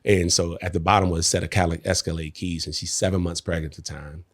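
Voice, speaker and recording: A man guesting on a podcast, telling a personal story in an animated way and acting out the quotes. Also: sits low, fast. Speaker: podcast guest, network marketer. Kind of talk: conversational storytelling.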